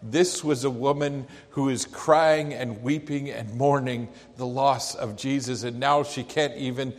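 Slow-spoken preacher in a reverberant hall. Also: male voice, medium pitch, fairly even intonation. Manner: slow, earnest, reflective delivery. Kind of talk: sermon.

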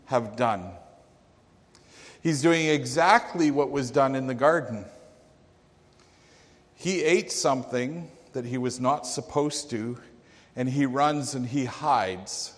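A man's voice: medium pitch, in a large hall. A man preaching a sermon in a storytelling manner.

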